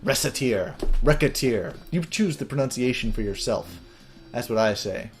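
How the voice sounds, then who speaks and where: A man's voice: mid-range voice, animated, normal speed, faint music behind. Hyped, jokey man playing games. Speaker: video game let's player. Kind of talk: casual gameplay commentary.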